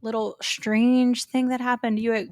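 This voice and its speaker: A woman co-hosting a paranormal podcast, chatting casually in an animated, emphatic way and stretching out words for spooky effect. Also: a little high, moderate pace, dry recording, studio quality. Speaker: podcast co-host. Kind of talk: casual chat.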